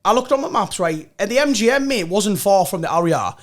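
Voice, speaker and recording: A young Geordie man tells a rambling story on a podcast, swearing freely and acting out what other people said. His voice sits high for a man. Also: fast talker. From North East England. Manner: animated, swearing, acts out other people's lines. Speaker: podcast co-host telling a story. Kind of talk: casual storytelling chat.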